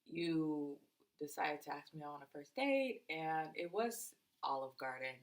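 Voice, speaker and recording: A woman in her thirties co-hosting a couple's podcast, telling stories in a teasing, animated way. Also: low voice, unhurried, rough recording. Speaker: podcast co-host. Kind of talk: casual couple chat.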